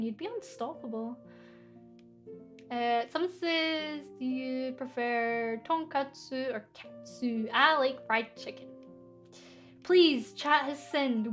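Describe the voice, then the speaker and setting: A young woman chats casually on a stream, reading out comments and giggling. Her voice sits high. Faint music plays underneath. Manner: giggly, bubbly, reads comments aloud. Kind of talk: casual chat reading viewer questions.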